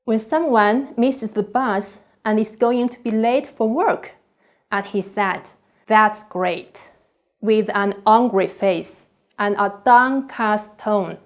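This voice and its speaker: Slow, deliberate woman lecturer. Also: fairly high pitch, darkish tone. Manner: slow, deliberate reading with careful pauses. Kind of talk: scripted online course lecture.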